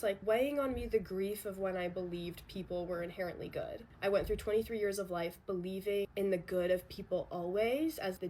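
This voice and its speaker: A woman's voice: mid-range voice, a little mellow. A woman in her twenties telling a personal story in a rambling, reflective, candid way. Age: 20s.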